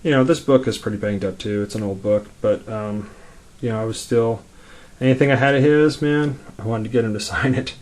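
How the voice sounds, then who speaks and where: A laid-back man chatting through a casual show-and-tell, his voice sitting at an ordinary middle pitch. He rambles along quickly with plenty of fillers and restarts. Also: a little mellow. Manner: talks quickly. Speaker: comic collector vlogger.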